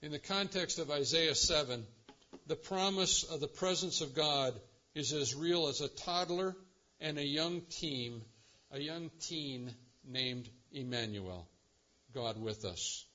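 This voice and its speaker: A man's voice: on the high side, slow pace, pushed and bright, muffled recording. A man preaching a sermon as pastor, building to impassioned, rising delivery.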